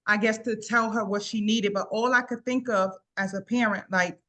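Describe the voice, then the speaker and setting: A middle-aged woman tells a personal story in an earnest, conversational way, looping back with "I said" again and again. Her voice sits at an ordinary pitch for a woman. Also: steady tone, moderate pace. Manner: repeats "I said" often, warm earnest retelling. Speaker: guest sharing a personal story. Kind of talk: casual storytelling.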